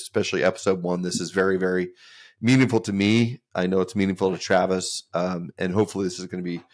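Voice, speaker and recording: A man co-hosting a podcast, telling a rambling anecdote with repeated words. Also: low-pitched. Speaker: podcast host. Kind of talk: casual podcast chat, storytelling.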